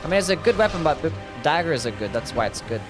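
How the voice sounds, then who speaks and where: A man's voice: on the high side, very animated, quick pace, over music. A man chatting casually on a live game stream, rambling with lots of fillers as he answers chat. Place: home desk.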